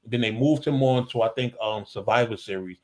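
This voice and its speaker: A man co-hosting a casual livestream chat, relaxed, often repeating a word as he starts a thought. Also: mid-range voice, fairly quick.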